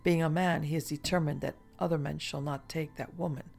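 A reader plays an ageless castaway woman who no longer feels love or hate. She speaks languidly and with world-weary detachment, her voice grainy and husky. Faint music sits underneath. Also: mid-range voice, steady tone, fairly quick, darkish tone. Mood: wry.

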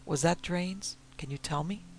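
A man's voice: high voice, moderate pace, slight background noise, low-quality recording. A man reading the lines of a dignified, gossipy older housekeeper who asks indignant questions.

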